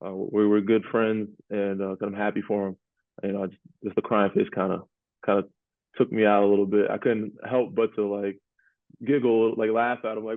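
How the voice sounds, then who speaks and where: A man's voice: fairly low pitch, steady tone, normal speed, no echo. A man hosting a podcast, chatting casually about basketball in a laid-back way, often laughing and repeating himself. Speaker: podcast host, former NBA player. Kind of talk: casual sports chat. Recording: tinny phone-like audio.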